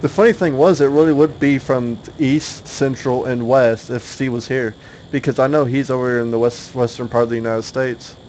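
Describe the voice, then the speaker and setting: A man's voice: mid-range voice, steady tone, normal speed, a little mellow, slight background noise. A young man from the US South, a race broadcaster calling an online sim race in a chatty way and laughing often. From Oklahoma, US South. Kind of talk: sim racing commentary.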